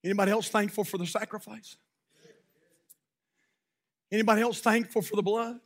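A man preaching a sermon from a church pulpit, telling a story dramatically with sudden hushed drops and loud shouted peaks, then leading prayer. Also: high voice, steady tone, normal speed. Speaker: pastor.

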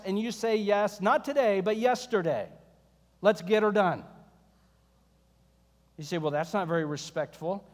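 A man preaching a sermon as pastor, conversational and animated, mixing scripture reading with sarcasm and humor. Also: high-pitched, unhurried, pauses often, big-room sound.

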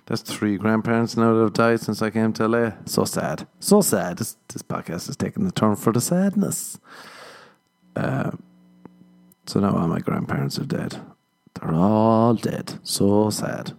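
Young male podcast host, low voice, gravelly, rambling casual chat. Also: expressive, measured pace, a little mellow. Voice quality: low, gravelly, laughs often.

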